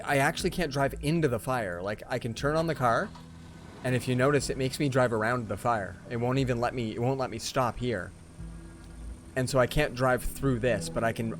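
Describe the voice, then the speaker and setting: Chatty man streaming a game. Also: medium pitch. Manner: rambling, chatty, talks to chat viewers. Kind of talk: casual live game commentary and storytelling.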